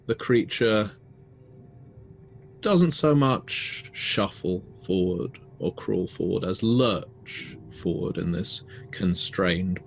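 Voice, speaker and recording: A man running a tabletop horror game, narrating in a slow, measured, ominous way. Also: deep voice, vocal fry. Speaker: game master.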